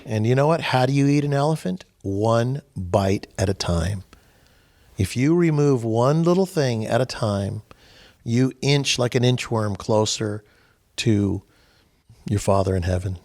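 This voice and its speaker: A man's voice: medium pitch, lively intonation, a little slow, darkish tone. A man hosting a spiritual gathering, giving a folksy, sermon-style talk full of sayings and little acted-out quotes. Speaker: host leading a spiritual gathering.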